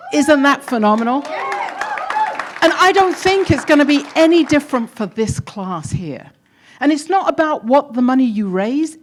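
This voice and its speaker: Upbeat English woman giving a speech. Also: mid-range voice. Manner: upbeat and encouraging, chatty with the crowd. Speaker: keynote presenter at demo day. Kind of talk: energetic live speech to an audience. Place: event hall with live audience.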